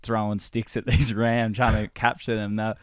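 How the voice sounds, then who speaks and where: A relaxed man in easy podcast talk, his voice low, smooth and fairly flat in pitch. The sound is dry and close to the mic. He tells his travel story without hurry. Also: normal speed, no room sound. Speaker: guest, filmmaker. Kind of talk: casual podcast conversation.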